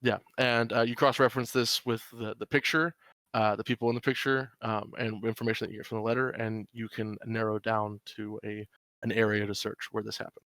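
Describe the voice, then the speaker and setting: A man narrating as game master of a tabletop horror game, talking in halting stretches with many fillers. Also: fairly low pitch, flat delivery, a bit bright, dry recording. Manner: halting, full of fillers and restarts.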